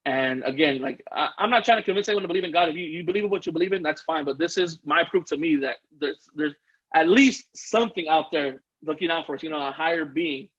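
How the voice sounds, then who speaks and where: A man's voice: on the high side, fast talker, a bit bright, breathy edge, highs cut off. A man telling a personal story as a podcast guest, earnest and rambling, often restarting his sentences. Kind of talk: casual interview storytelling.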